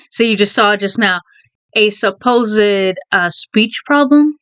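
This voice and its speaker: A woman's voice: mid-range voice, a bit bright, smooth, no echo. A woman casually chatting in a vlog, out of breath, rambling and correcting herself with a slight stutter. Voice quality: mild stutter. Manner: rambling, self-correcting, laughs often. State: out of breath, holding in a sneeze. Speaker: video creator.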